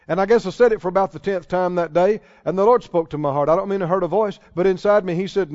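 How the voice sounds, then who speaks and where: A male preacher with a high-pitched voice, delivering a sermon with emphatic repetition. He slows way down to lean on scripture lines. The recording is dull and lo-fi. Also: darkish tone.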